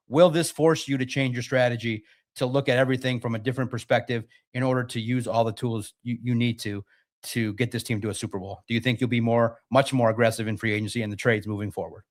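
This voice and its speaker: A young adult man hosting a live sports podcast, talking in an animated, rapid-fire way and restarting his sentences often. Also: medium pitch. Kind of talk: live-stream sports commentary.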